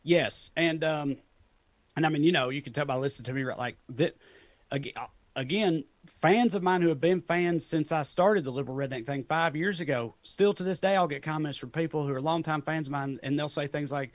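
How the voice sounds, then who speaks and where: A man's voice: on the high side, moderate pace, no echo. A man in his thirties from Tennessee with a Southern accent, chatting as a comedian guest in a rambling, self-deprecating way and laughing often. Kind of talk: casual interview chat.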